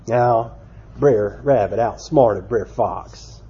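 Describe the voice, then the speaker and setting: A man's voice: medium pitch, normal speed, a little mellow, breathy edge. A man preaching a sermon, self-deprecating and speaking directly to the children, on a dull lo-fi recording. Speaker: pastor.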